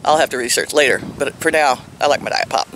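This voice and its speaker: A woman's voice: very deep voice, quick pace, background noise. An older woman vlogging casually from outside her home on a phone camera, telling stories and laughing often. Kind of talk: casual vlog chat. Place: outdoors at home.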